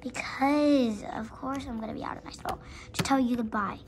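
A woman's voice: on the high side, steady tone, normal speed, noisy background, natural voice. Give me a woman playing a timid young colt, stammering. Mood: hesitant. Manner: hesitant, stammering. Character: young male horse, timid runaway. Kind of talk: homemade storytelling with toy horses.

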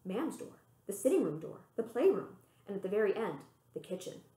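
Expressive woman reading a storybook aloud. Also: fairly quick, echoey room, low-quality recording. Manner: expressive, voicing the characters with pitch lifts.

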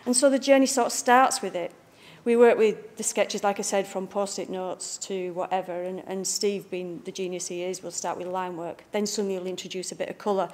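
A woman from the north of England gives an informal lecture in her broad local accent, lively and full of jokes. Her voice sits at an ordinary middle pitch for a woman, and she talks to the room like old friends. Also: a little fast, few pauses. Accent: Northern English. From Bradford, northern England. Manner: chatty, bubbly, jokey. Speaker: picture book art director giving a talk. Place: library event room with a live audience.

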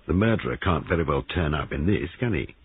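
A man's voice: rumbling low, fairly quick, breathy edge, full character voice. A man doing nervy young guesthouse owner. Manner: hesitant, then excited. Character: young newlywed male guesthouse owner, excitable. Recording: tinny band-limited recording.

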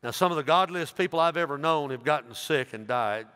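An American pastor in his 60s preaches a sermon emphatically, dropping soft and then rising loud, his voice echoing through a church hall with long reverb. His voice sits on the high side, with lively intonation, a fairly quick pace, and a clear, resonant tone.

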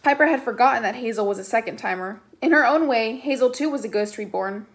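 A woman reading a novel aloud in steady narration, with occasional casual asides. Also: a little high, fast. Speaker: reader.

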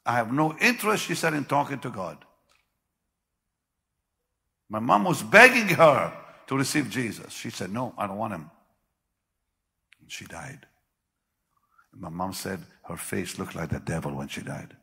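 An older man preaching a sermon, with sudden loud bursts and slow, drawn-out phrases. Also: lowish voice, very animated, gravelly. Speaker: pastor. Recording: long hall reverb.

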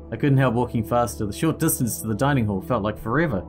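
A man reads an interactive story game aloud in a steady narrating voice, now and then stumbling and correcting himself. His voice sits at an ordinary middle pitch. Faint game music plays beneath. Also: fast talker. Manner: steady reading, occasional slips and self-corrections. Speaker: gaming channel host.

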